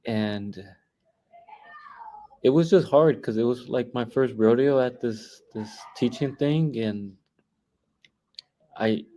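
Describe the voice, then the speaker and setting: A young man in his twenties talking casually as a guest teacher, halting with many restarts and fillers. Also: medium pitch, warm tone, slight background noise, poor audio. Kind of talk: casual interview talk.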